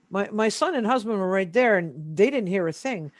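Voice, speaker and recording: Man, high-pitched voice, interview guest, animated storytelling, lots of fillers. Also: moderate pace, dry recording. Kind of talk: casual interview talk.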